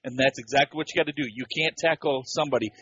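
A man giving color commentary on a local high school football radio broadcast, plainspoken and coach-like. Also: fast talker, a bit bright. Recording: muffled radio broadcast with faint hiss.

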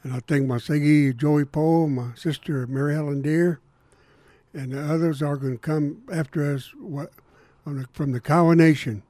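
A man's voice: on the high side, steady tone, moderate pace, warm tone, no echo. A man speaking earnestly in a radio studio, giving thanks and an opening prayer. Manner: earnest, heartfelt. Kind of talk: speech and spoken prayer on radio.

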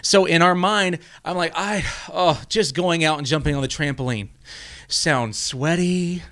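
A man with a slightly high voice tells a story in loose, rambling fashion. He keeps restarting his sentences and keeps checking in with his listener as he goes. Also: unhurried, a bit bright. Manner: rambling storyteller, many restarts and "right?" tags. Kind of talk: casual conversational advice.

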